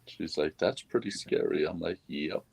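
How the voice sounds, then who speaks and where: Low-voiced laid-back man. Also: normal speed, gravelly, darkish tone, breathy edge, no room sound. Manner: laid-back, brief replies. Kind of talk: casual chat.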